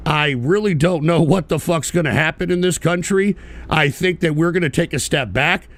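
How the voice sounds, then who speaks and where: A man's voice: a little high, moderate pace. A man hosting an online political show, ranting bitterly and profanely in a repetitive way. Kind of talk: livestream rant.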